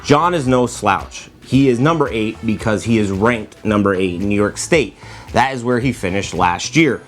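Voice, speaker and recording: A man's voice: on the low side, expressive, normal speed, faint music behind. Joking man hosting a racing vlog. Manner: playful, self-mocking, teasing. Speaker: host of a racing preview video. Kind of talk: joking sports-preview vlog.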